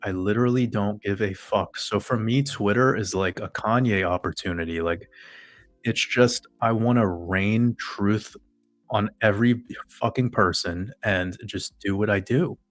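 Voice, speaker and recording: A man's voice: lowish voice, unhurried, no room sound, studio quality, soft background music. A man host ranting in profane, sarcastic casual talk to a live chat audience. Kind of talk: casual rant to a livestream chat.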